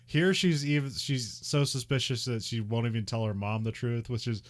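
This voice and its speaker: A man's voice: mid-range voice, moderate pace. A man casually recapping a movie on a podcast, laughing often and slipping into mock voices for the characters. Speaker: podcast co-host.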